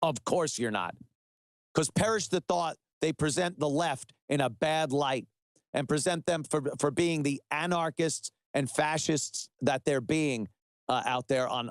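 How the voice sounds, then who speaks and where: A man's voice: on the high side, measured pace, no room sound, studio quality. A middle-aged man hosting a web show, delivering sarcastic, mocking political commentary with heavy emphasis.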